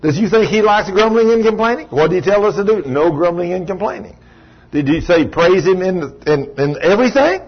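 Husky-voiced man preaching a lively sermon. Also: high voice, fairly quick. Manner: animated storytelling, acting out quoted voices. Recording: dull lo-fi recording.

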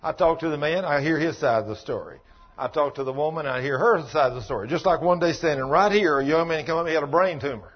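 Male pastor, sermon, husky voice, fairly high pitch, folksy and emphatic. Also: fast talker, lo-fi sound. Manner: folksy storytelling, plain-spoken, emphatic.

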